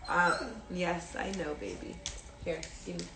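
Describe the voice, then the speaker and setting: A woman's voice: on the low side, sing-song, unhurried, gravelly, reverberant. A young woman telling a personal story on a phone live stream, rambling with many fillers and restarts, casually swearing. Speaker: livestreamer.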